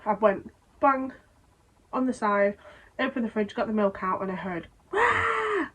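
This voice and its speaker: A woman's voice: mid-range voice, fairly bright tone, poor audio. Young woman, vlogger, mid-range voice, emotional rambling storytelling, casual talk to camera. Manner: emotional, rambling retelling with quick restarts.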